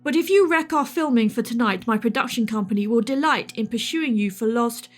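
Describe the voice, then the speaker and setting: A woman's voice: on the high side, a little fast, soft background music, natural voice. A woman voicing a young TV presenter who is startled and irritated, speaking bluntly. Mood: annoyed.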